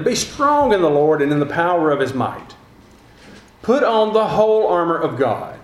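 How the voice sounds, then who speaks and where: A man preaches a sermon in a notably high voice, stacking earnest, repetitive phrases as he drives each point home. The sound carries the echo of a roomy hall. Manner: earnest, repetitive rhetorical build-ups.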